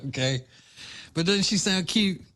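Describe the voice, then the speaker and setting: A man's voice: sits high, lively intonation, measured pace, sharp tone. Playful male talk radio host. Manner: playful, teasing, chuckling. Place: radio studio.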